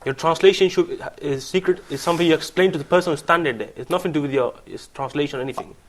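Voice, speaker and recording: A man debating on a television panel, pushing back hard. He talks very fast in a fairly high voice and often trips over repeated words as he presses his case. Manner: rapid, challenging, stumbles over repeated words. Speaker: panel guest.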